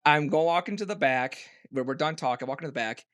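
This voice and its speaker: A young man co-hosting a casual podcast, telling a rambling story full of restarts and loud mimicked voices. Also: fairly high pitch, lively intonation, fast, smooth, no room sound, studio quality. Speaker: podcast co-host. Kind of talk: casual chat.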